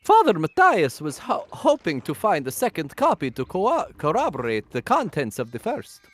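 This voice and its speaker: A man's voice: sits high, wildly swooping pitch, moderate pace, a bit bright, heavily acted. A man voicing a genteel, gossipy middle-aged nobleman who loves art, in a live voice-over of game dialogue.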